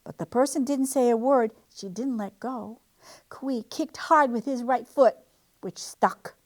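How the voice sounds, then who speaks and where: A woman reading a picture book aloud for storytime, in an expressive way. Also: a little high, measured pace. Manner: expressive, animated. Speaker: library storytime reader.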